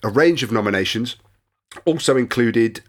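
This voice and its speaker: A man's voice: mid-range voice, lively intonation, normal speed. A man co-hosting a podcast, reading news in a sweary, exasperated rant. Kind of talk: casual podcast banter.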